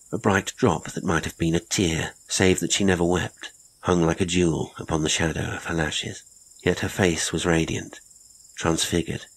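Male horror audiobook narrator, deep and husky, measured and theatrical. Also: poor audio.

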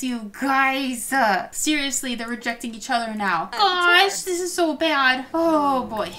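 A young woman chats through her game play in a high-pitched voice. Her tone is bright and crisp, and she reacts to everything with gasps and laughter. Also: takes it slowly. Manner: excitable, frequent gasps and laughs. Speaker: gaming video host. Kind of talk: casual let's-play commentary.

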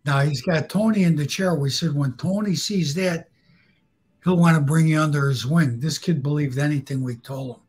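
A man with a husky, somewhat high voice spins casual, blunt stories from his past. He talks plainly and swears without a second thought. He often laughs at his own punchlines. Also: moderate pace, a little mellow. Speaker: guest storyteller. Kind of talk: casual storytelling.

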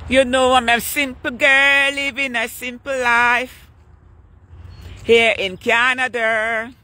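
Slow, bright-voiced older woman. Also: on the high side. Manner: relaxed, chatty, greets and asks viewers by name. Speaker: vlogger hosting a live stream. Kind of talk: casual live-stream chat while walking. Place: outdoors on a street at night.

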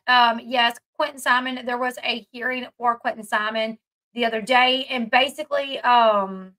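Woman commentary host, higher and bright tone, loose chatty delivery. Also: low-quality recording. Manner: chatty, rambling with fillers. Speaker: true crime commentary host. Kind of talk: casual commentary.

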